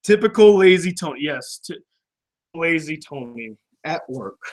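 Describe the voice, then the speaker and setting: A young man with a high voice hosts a casual vlog from his room at home. He rambles, jokes at his own expense and swears freely as he reads out fan mail. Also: expressive, unhurried. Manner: profane, joking, self-deprecating.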